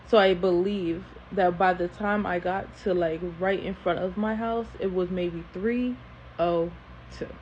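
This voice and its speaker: A woman tells a personal story on camera in a casual, animated way, often repeating phrases for emphasis. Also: on the low side, measured pace. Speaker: storytime host. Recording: dull lo-fi sound with faint hiss.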